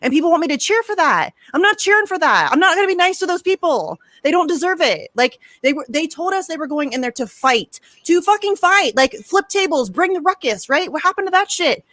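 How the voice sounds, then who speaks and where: A woman's voice: extremely high pitch, sing-song, a little fast, hardly any pauses, fairly bright tone, no echo, studio quality. A young woman ranting with heat and sarcasm, swearing freely in a livestream chat. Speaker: guest. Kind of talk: heated livestream talk.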